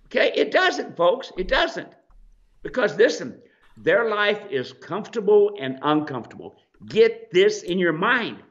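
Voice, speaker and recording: Folksy male trainer-host, lively and animated, slightly higher voice, muffled lo-fi recording. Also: measured pace. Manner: animated, acts out animals and people in quoted asides. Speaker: mule trainer and show host. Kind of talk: casual folksy advice. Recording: dull lo-fi sound.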